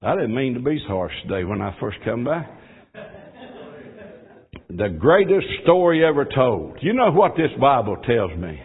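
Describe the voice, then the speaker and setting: A man preaching a sermon. He moves between quiet, folksy asides and loud, fervent exhortation. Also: medium pitch, very animated, normal speed, long pauses, slightly rough. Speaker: pastor. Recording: tinny phone-like audio.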